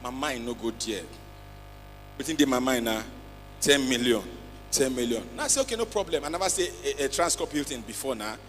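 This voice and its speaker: A man with a Nigerian accent doing a stand-up comedy routine on a big festival stage, switching between Pidgin and English with loud acted outbursts. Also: mid-range voice, animated, a little fast. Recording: long hall reverb, faint music.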